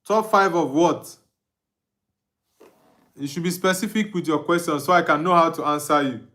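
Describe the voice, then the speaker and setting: A man's voice: a little high, moderate pace, a bit bright. A young Nigerian man with an Igbo-accented English, hosting a live football watch-along, reading out viewer comments and answering them with frequent laughs. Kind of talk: live stream chat reading.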